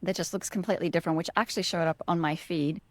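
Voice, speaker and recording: Female podcast host with a very low, dry voice; long, winding questions. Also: fairly even intonation, rapid-fire, dry recording. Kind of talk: podcast interview.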